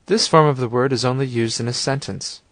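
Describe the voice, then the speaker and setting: A man narrating a language course from a script, giving calm, clear instructions and prompting the listener to repeat. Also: mid-range voice, brisk, no echo.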